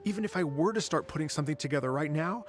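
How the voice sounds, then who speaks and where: A man's voice: on the high side, expressive, rapid-fire, soft background music, lightly acted. An actor playing an apologetic, hesitant male tour organizer in a video game.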